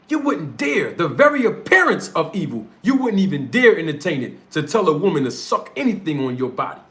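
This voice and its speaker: A high, fairly bright male voice belongs to a streamer and show host with a North Philadelphia accent. He's in the middle of a heated livestream rant, confrontational and laced with street slang.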